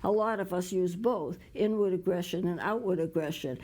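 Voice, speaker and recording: A woman's voice: on the low side, moderate pace, darkish tone, low-quality recording. A woman hosting a community TV talk show, explaining ideas with everyday examples and stopping now and then to cough. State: coughing at times. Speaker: show host.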